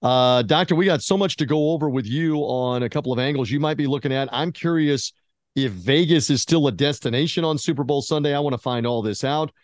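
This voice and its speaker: A laid-back man hosting a sports podcast, his voice sitting at an ordinary middle pitch. The recording is dry and close. He asks long, rambling questions with an easygoing, joking manner. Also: a little fast, no echo. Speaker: podcast host. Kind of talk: casual podcast interview.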